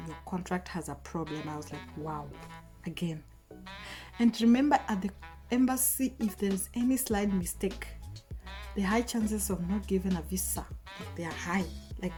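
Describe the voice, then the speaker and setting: Emotional woman vlogger, mellow voice. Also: medium pitch. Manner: emotional, animated retelling with quoted dialogue. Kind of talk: casual storytelling to camera.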